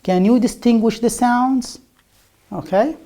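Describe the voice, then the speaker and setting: Slow, gravelly teacher. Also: mid-range voice. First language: Arabic. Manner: drills words by repeating them with loud emphasis. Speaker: English teacher. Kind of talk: recorded distance-learning lecture.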